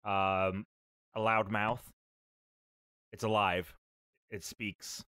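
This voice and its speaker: A playful man rambles through a casual drinking game with friends. His voice sits a little low but sounds bright. The sound is dry and close. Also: little pitch movement, very slow, dry recording.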